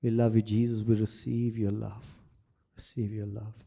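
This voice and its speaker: Low gravelly man praying softly. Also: flat delivery, normal speed. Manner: soft, repetitive, sometimes whispered. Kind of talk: closing prayer and blessing.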